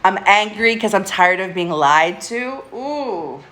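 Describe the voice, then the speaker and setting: A woman's voice: mid-range voice, lively intonation, takes it slowly, a bit bright, a little hiss or hum. A woman hosting a casual live stream from home, speaking candidly, swearing often and laughing between her thoughts. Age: adult, getting older. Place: at home with a pet.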